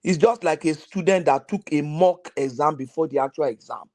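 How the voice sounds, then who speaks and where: A man on a political panel, explaining his view in a measured way with examples. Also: on the high side, darkish tone.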